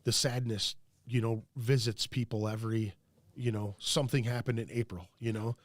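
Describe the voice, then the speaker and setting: A man's voice: medium pitch, fairly even intonation, normal speed, no echo. A man from the United States hosting a podcast, asking questions in a rambling way, full of fillers. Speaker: podcast host. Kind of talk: casual podcast interview.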